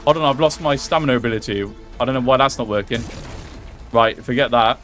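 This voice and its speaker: A man giving excitable, swear-laden live gameplay commentary, talking to himself and to the game character as he fights. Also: mid-range voice, quick pace, soft background music. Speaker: gameplay streamer.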